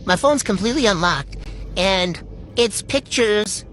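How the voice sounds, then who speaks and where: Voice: medium pitch, animated, a little slow, fairly bright tone, slight background noise. Rambling, foul-mouthed storyteller from Puerto Rico. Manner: rambling, heavy swearing, lots of fillers. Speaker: TikTok storyteller. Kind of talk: casual storytime monologue.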